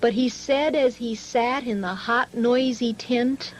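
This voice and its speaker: A woman reading a rhyming children's story aloud in an expressive, singsong storytelling manner. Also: on the high side, slow pace, poor audio.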